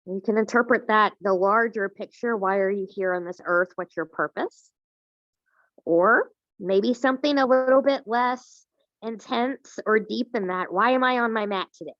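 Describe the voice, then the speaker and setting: A woman teaching a yoga class, giving gentle, unhurried cues with casual fillers. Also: medium pitch, highs cut off. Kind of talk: guided yoga class instruction.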